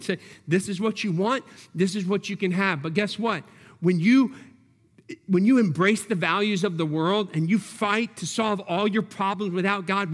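A male pastor preaches in a church sanctuary, pressing his points through repeated words and direct questions. His voice sits high for a man. The sound carries a long hall reverb. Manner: emphatic, repeats key words, asks the congregation questions. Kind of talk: sermon.

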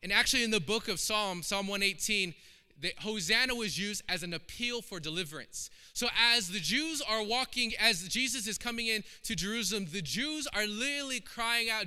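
Impassioned high-voiced man preaching. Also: expressive, normal speed, pushed and bright, clean tone. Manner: emphatic and impassioned, with repeated phrases. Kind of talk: sermon. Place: church sanctuary. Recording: long hall reverb.

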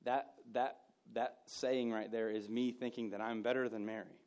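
A man preaching a conversational sermon, self-mocking, with loud emphatic bursts and hushed asides. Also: mid-range voice, normal speed, few pauses.

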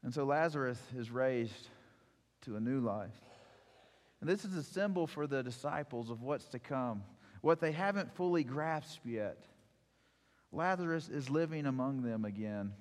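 Man preaching in a reverberant hall. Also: on the high side. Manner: storytelling, animated retelling with acted quotes. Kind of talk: sermon.

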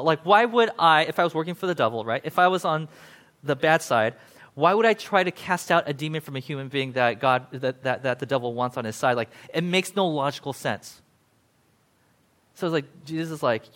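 This pastor's voice is on the high side and fairly quick as he gives a casual sermon. He paraphrases scripture in everyday, lively terms, often adding "right?"

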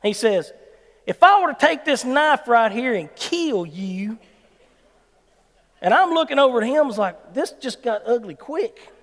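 A man with a Southern American accent preaching a sermon as an animated storyteller. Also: extremely high pitch, unhurried. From Mississippi, US South. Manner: animated storyteller who acts out quoted people. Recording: long hall reverb.

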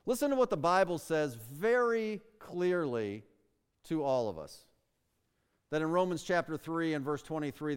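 A man's voice: fairly high pitch, lively intonation, normal speed, smooth. A man preaching a sermon as pastor, emphatic and full of rhetorical questions, stretching out key words for stress. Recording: long reverb of a large hall.

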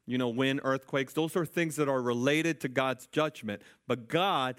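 A man's voice: medium pitch, measured pace, fairly bright tone. Man preaching an emphatic sermon. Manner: emphatic, calls out to the congregation. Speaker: pastor.

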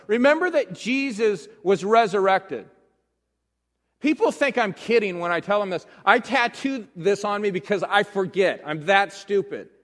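A male pastor giving a conversational sermon, moving between hushed talk and loud emphasis. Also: high-pitched, long reverb tail.

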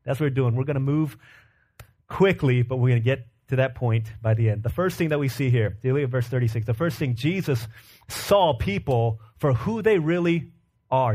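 A pastor in his thirties delivers a conversational sermon in a mid-range, slightly mellow voice at normal speed. He asks the congregation rhetorical questions and shares stories about his young children.

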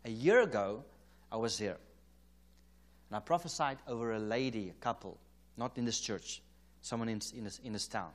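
A man's voice: medium pitch, normal speed. South African man preaching through a story. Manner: anecdotal, re-enacts dialogue, chuckles often. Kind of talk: conference sermon, storytelling. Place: church or conference hall.

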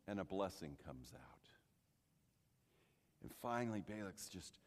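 A man preaching a sermon, telling the story with lively acting-out and speaking straight to the congregation. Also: medium pitch, takes it slowly, pauses often, big-room sound. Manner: animated storytelling, addresses congregation directly.

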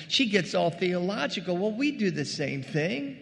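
A male pastor delivering a conversational, animated sermon, calling his congregation "gang" and acting out scripture scenes. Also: high-pitched, moderate pace, vocal fry, hardly any pauses, long reverb tail. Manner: addresses the congregation as "gang" and "guys".

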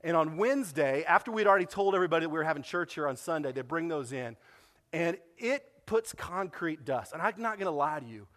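A high-pitched man preaching in a church, telling a story with animated voices for each person he quotes. His voice rings with the long reverb of a large hall. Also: a little fast. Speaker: pastor. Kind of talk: sermon. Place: church sanctuary.

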